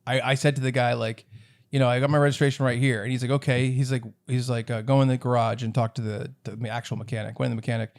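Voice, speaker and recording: A man's voice: medium pitch, level tone, quick pace, creaky. A man co-hosting a comedy podcast, telling a long story in casual chat, acting out both sides and laughing often. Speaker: podcast co-host.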